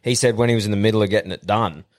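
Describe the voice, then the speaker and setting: A man's voice: on the low side, very fast. A man with an Australian accent hosting a podcast, telling sweary yarns in casual chat. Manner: swearing, storytelling, animated yarns. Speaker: podcast host.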